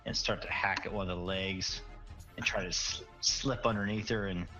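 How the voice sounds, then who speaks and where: A man's voice: low-pitched, steady tone, moderate pace, sharp tone, soft background music. A man playing a tabletop game, describing his character's actions in a rambling, casual way on a dull lo-fi recording. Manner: rambling, many restarts.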